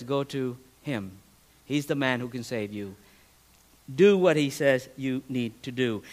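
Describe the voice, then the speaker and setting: A man's voice: sits high, fairly bright tone. A man preaching a sermon as a pastor, earnest, with restarts and a voice that rises and falls for emphasis.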